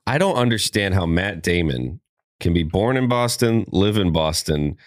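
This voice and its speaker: A man in casual podcast chat, wry and joking, with a deep voice that moves in lively swings. His sound is dry and close, with no room around it, and he slips into mock-dramatic quotes. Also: moderate pace, dry recording. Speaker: podcast co-host.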